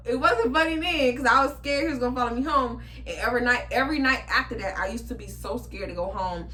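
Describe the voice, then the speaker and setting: A young woman vlogger telling a storytime to her viewers, animated and blunt, swearing freely and talking straight to them. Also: high-pitched, brisk. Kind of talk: storytime chat to camera.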